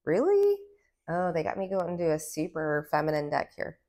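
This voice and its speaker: A woman's voice: low-pitched, fairly even intonation, a little fast, a little mellow. A woman giving a casual pick-a-card tarot reading, rambling along with lots of "like" and a valley-girl lilt. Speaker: tarot reader.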